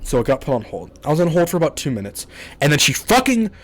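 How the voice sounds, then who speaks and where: A man's voice: on the high side, sing-song, quick pace. A man telling a story in a rambling, casual rant to his YouTube audience, exasperated and swearing often.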